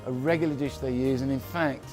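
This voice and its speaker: A man's voice: mid-range voice, steady tone, fairly quick, over music. A man from London giving a casual cooking demonstration, chatty and rambling, often correcting himself as he goes. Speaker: cook.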